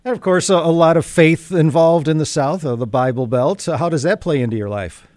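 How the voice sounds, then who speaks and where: A man's voice: fairly high pitch, a little fast, a little mellow, dry recording. A man from the northern US hosting a casual interview and laughing easily. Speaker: radio host.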